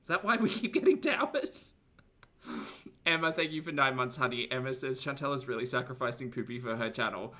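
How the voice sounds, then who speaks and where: A woman's voice: a bass voice, sharp tone. A woman streamer casually chatting and reading tarot, teasing and chuckling often. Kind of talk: casual live-stream chat.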